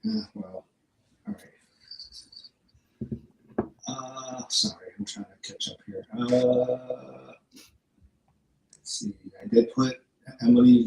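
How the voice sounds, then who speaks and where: A man hosts a casual live chat over a remote line. He has a soft, low, sultry late-night DJ sound with a gravelly edge. His pitch swings widely, and his sentences often stop and restart as he catches up. The line is echoey and full of static. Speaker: host reading viewer chat. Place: remote connection, away from the others.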